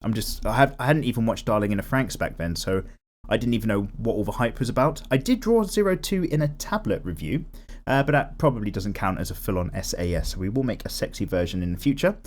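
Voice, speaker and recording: Lively, animated man chatting. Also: on the low side, quick pace. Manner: animated, swears casually, self-deprecating. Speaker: art vlogger. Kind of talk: casual chat while drawing.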